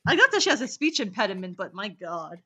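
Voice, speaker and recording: A teenage girl hosting a casual chat, rambling and giggling between quick asides. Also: medium pitch, very animated, bright, forceful tone, slightly rough. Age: teens. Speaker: host. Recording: echoey call audio.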